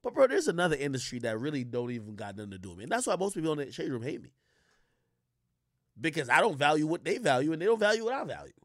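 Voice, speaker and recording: A fast-moving, profane man rants to his stream audience in a casual way, with a rather high voice that swings hugely in pitch. He leaps even higher to stress a point. The sound is dry and close. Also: no room sound. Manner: animated, swearing, voice jumps high for emphasis. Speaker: streamer and rap commentator.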